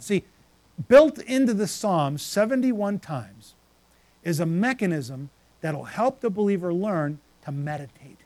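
A man's voice: high-pitched, lively intonation, unhurried, darkish tone, dry recording. A man preaching a sermon, reading scripture passages aloud and then stopping to reflect on them.

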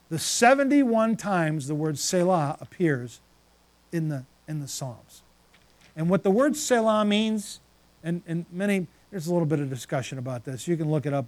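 A man's voice: a little high, a little mellow, no echo. A man preaching a sermon, reading scripture passages aloud and then stopping to reflect on them.

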